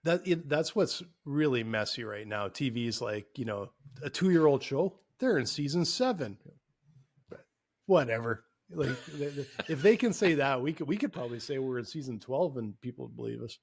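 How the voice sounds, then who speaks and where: A man's voice: mid-range voice, expressive, normal speed, gravelly, breathy edge. A man co-hosting a casual podcast, easygoing and a bit rambling, often repeating words. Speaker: podcast co-host.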